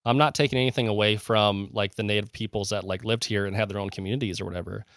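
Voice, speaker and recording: Male podcast co-host, low-pitched, enthusiastic rambler, dry close mic. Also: fairly even intonation, quick pace, a bit bright, dry recording. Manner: enthusiastic, rambling with many fillers and restarts. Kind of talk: casual conversational podcast.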